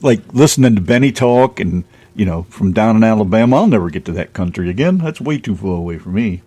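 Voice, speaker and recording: A man's voice: fairly low pitch, lively intonation, quick pace, dark tone. A man hosting a casual radio show, chatting in a rambling way and laughing often. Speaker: host.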